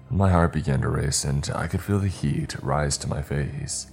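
A man narrating a scary story in a calm, measured storytelling manner. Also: rumbling low. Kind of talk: scripted horror story narration. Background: faint music.

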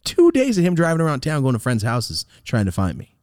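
A man's voice: fairly quick, no echo, studio quality. A young man telling a story on a podcast, casual and profane, acting out the voices of people he quotes. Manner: animated, profane, acts out quotes with big pitch jumps. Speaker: podcast host.

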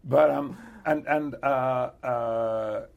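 Gravelly older British man, halting. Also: medium pitch, fairly even intonation, darkish tone. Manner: halting, many restarts and fillers, chuckles often. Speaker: actor being interviewed. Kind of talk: casual interview chat.

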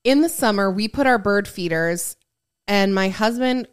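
A woman's voice: mid-range voice, lively intonation, moderate pace, clean tone. A woman co-hosting a casual podcast, reading listener messages aloud and giggling as she riffs on them.

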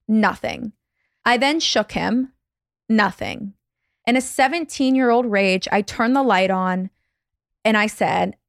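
A woman reading a listener's scary story aloud on a video call, slow and dramatic. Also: medium pitch, vocal fry, no room sound, clean studio sound. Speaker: podcast guest telling a scary story.

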